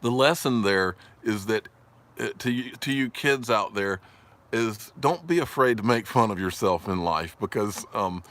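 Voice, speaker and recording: Southern male stream host, slightly low voice with a forceful edge, jokey, reads comments. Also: lively intonation, measured pace. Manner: rambling and jokey, laughs often, reads viewer comments aloud. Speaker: livestream host. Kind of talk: casual livestream chat.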